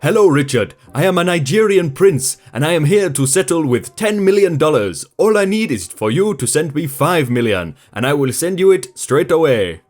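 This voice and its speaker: A man voicing an over-formal male phone scammer with a put-on foreign accent and a grand, overly polite pitch. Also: sing-song, normal speed, few pauses. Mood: grandiose.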